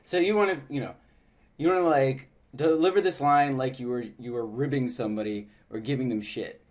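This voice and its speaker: A man's voice: mid-range voice, fairly even intonation, brisk. A man giving casual dating advice, chatty and loose, laughing often and filling his talk with "like" and "you know.". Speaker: dating coach.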